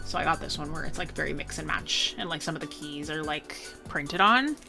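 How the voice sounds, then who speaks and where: A young woman streamer chatting casually, bubbly and rambling, full of "like" and quick laughs. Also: low voice, gravelly, music in the background. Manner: bubbly, rambling, heavy "like" filler, bursts of laughter.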